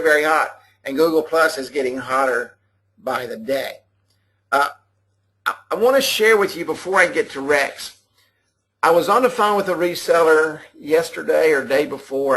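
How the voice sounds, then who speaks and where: A man's voice: fairly high pitch, a bit bright. A man giving folksy, repetitive sales training over a live webinar, with clipping audio. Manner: folksy, repetitive, talks to listeners directly. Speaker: sales trainer for a mobile app business.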